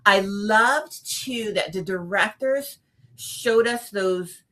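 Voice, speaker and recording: Expressive woman horror reviewer. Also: medium pitch, takes it slowly. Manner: expressive, animated, acts out reactions. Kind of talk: casual film discussion.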